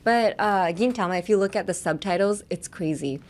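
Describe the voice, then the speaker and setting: A woman's voice: medium pitch, fairly quick. A young woman hosting a casual podcast lesson, chatty, laughing often and explaining pronunciation step by step. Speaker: podcast host and English teacher.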